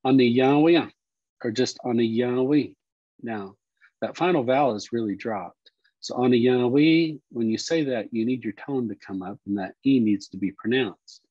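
A man teaching Cherokee words and culture, explaining slowly and repeating each word. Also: on the low side, husky, no echo, lo-fi sound. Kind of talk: explanatory lesson talk.

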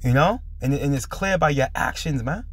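A man's voice: medium pitch, animated, moderate pace, breathy edge. A man hosting a preaching video commentary, a little under the weather, talking emphatically and ending lines with "man". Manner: emphatic, repeats "man" at line ends. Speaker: religious commentary host.

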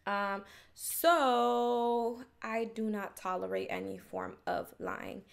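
A woman's voice: mid-range voice, sing-song, takes it slowly, gravelly. A young woman talks straight to the camera in a candid, rambling vlog style. She leans on "like" fillers and breaks into self-mocking laughter. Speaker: vlogger. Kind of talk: casual confessional talk to camera.

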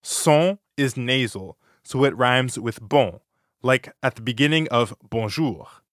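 Man leading a slow language drill. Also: medium pitch, fairly bright tone, no room sound, studio quality. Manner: slow, clear, encouraging pronunciation drills. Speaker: language lesson host. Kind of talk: scripted language lesson.

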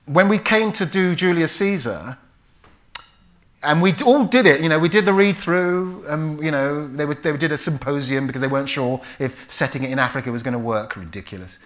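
British male actor, storyteller at a public talk, bright forward tone, acts out voices. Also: a little high, a little fast. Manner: animated storyteller who acts out voices and recites Shakespeare. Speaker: actor and author giving a talk. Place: lecture hall before a live audience.

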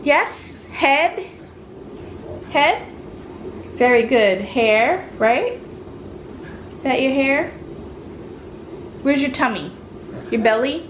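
A woman's voice: sits high, expressive, drawn-out words, pauses often, roomy sound, noisy background. A young woman vlogging at home, chatting to camera and coaxing her toddlers in a sing-song baby-talk voice. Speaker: vlogger and mother of triplets. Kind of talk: casual home vlog, talking to camera and toddlers. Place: home kitchen indoors.

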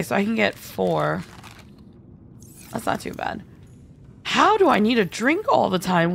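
A woman's voice: mid-range voice, creaky, a little hiss or hum. A woman streaming a game live, chatty and giggly, thinking aloud and answering viewer chat. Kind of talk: live gameplay commentary.

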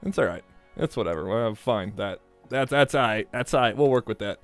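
A man's voice: on the low side, lively intonation, a little fast, faint music behind. A man hosting a let's play, giving casual, jokey gameplay commentary and swearing freely.

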